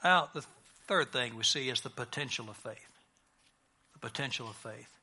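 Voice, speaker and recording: A man's voice: mid-range voice, moderate pace, bright, forceful tone, slightly rough. A man preaching a sermon as pastor, in a conversational, lightly joking way with frequent restarts.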